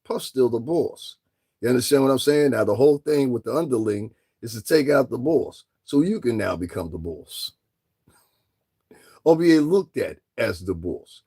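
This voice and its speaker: A man's voice: medium pitch, animated, normal speed, warm tone, husky. A man giving casual commentary as a vlogger, talking straight to his listeners and firing off taunting rhetorical questions. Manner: addresses listeners directly.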